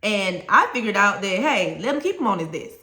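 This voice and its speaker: A woman's voice: medium pitch, big pitch swings, a little fast, sharp tone, echoey room. A woman, a former teacher, giving conversational classroom advice to other teachers, telling stories and repeating key points for emphasis.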